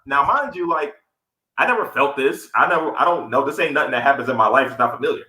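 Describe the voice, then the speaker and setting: Quick-paced and mid-range, this male co-host shares a story over casual podcast chat, animatedly performing the quotes in a louder voice. It's recorded in an echoey room.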